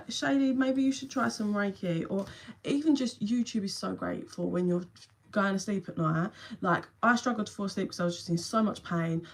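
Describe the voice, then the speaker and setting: A young woman with a London accent reads tarot live on her phone for her viewers. She talks in a loose, chatty way, calls people by name and drops the odd swear word. Her voice sits at a middle pitch for a woman. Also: vocal fry. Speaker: tarot reader. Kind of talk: live-stream reading to viewers.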